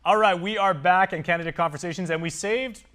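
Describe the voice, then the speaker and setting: A man hosting a live TV talk show in a studio, asking quick joking questions of his guests. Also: high voice, a bit bright. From Guam. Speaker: host.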